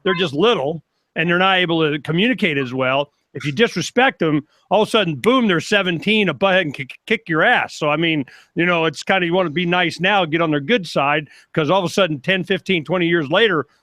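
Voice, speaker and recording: Bright-voiced older man, rambling. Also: a little high, fairly quick, no room sound. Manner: rambling, animated storytelling. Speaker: panel guest. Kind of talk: casual video call chat. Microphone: video call.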